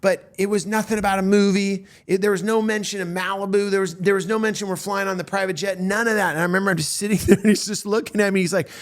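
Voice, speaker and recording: A male stand-up comedian telling a story as an animated, self-mocking monologue, full of restarts and fillers. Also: sits high, quick pace, few pauses.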